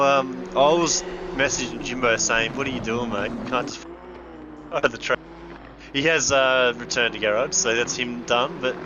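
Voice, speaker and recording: A man co-commenting on a sim race in a relaxed, chatty way. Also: medium pitch, noisy background.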